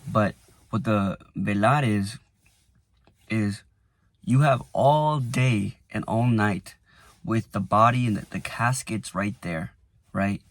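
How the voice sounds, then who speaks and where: A man in his twenties, vlogging casually from inside his car, rambling with lots of fillers and going quiet when a memory moves him. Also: fairly low pitch, slow, long pauses, dry recording. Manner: rambling, lots of "like" and restarts, softens when emotional. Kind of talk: casual reflective vlog.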